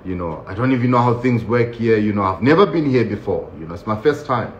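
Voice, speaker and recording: A man casually telling a story about his own experience, lively and laughing often, acting out the voices of the people in it. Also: lowish voice, quick pace, a little hiss or hum. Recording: roomy, dull lo-fi sound with faint ambience.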